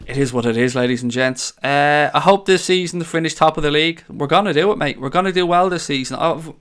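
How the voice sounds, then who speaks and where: A man hosting a casual fan livestream from a green-screen home studio, reading chat aloud, excitable and swearing freely. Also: on the high side, fast talker, clean tone. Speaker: fan channel host reading live chat.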